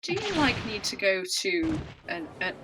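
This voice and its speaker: A woman chatting casually on a group game stream, animated and quick to exclaim. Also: mid-range voice, background noise. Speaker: streamer co-host. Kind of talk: casual let's-play chat.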